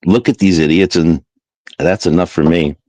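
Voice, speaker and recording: Deep-voiced man laughing through his stories. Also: steady tone, normal speed, mellow, no echo, poor audio. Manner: laughs often, swears, rambling storytelling. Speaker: livestream host. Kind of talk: casual chat on a livestream.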